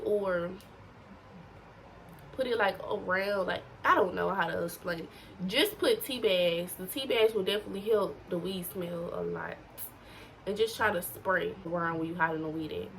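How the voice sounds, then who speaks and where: A woman's voice: medium pitch, slight background noise, poor audio. A teenage girl giving casual, profane tips to her viewers in a blunt, slangy way. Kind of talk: casual to-camera advice.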